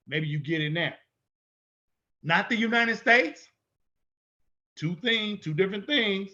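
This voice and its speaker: A man's voice: high-pitched, expressive, takes it slowly, pauses often, pushed and bright, muffled recording. A man teaching in an emphatic way, repeating his points and asking rhetorical questions. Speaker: instructor. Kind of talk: teaching lecture.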